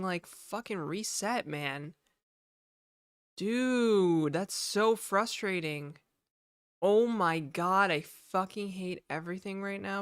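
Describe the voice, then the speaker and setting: A woman's voice: mid-range voice, fairly bright tone, clear, resonant tone, dry recording, clean studio sound. A woman streamer chatting casually to her viewers live, venting and swearing a lot.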